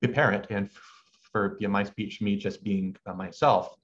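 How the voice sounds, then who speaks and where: Young man who stutters, low flat voice. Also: moderate pace. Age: young adult. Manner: stutters, repeats sounds, thoughtful. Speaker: medical student guest. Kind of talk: conversational interview. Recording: muffled lo-fi call with faint noise.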